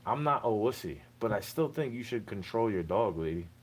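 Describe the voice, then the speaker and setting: Speaking brisk and expressive in a lowish register, this young man delivers an off-the-cuff rant directly to the listener, aggrieved and meandering, with "bro" coming up constantly. The audio is low quality and carries a slight hiss or hum.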